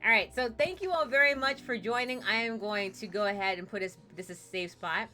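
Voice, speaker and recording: A woman's voice: a little high, brisk, bright, forceful tone. A woman streaming a story game, chatting casually and narrating a fairy tale in a playful way, hopping into character voices.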